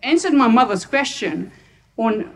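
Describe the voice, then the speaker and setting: A woman's voice: on the high side, animated, unhurried, recorded from a distance. A woman from Hungary who is a doctor, telling personal stories to an audience and laughing often. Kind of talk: personal storytelling talk to an audience.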